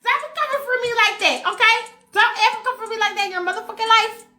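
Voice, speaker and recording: A woman voicing a brassy, sassy young female pop star who is loud, crude and mouthy in a comedic fanfiction retelling. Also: extremely high pitch, expressive, a little fast, reverberant, voice pushed up, heavily acted. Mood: indignant.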